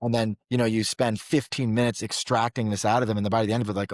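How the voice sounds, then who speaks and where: Man, men's coach, earnest explaining tone, lowish voice, dry sound. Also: little pitch movement, quick pace, no echo. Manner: earnest, explanatory, with repeated "like" and "right". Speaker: men's coach, podcast guest. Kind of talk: casual podcast conversation.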